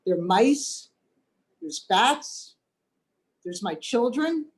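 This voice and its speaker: A woman's voice: a little high, expressive, drawn-out words. Dry-witted older woman doing stand-up. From United States. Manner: dry, wry delivery with acted-out quotes. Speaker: stand-up comedian. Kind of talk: stand-up routine over video call. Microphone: video call.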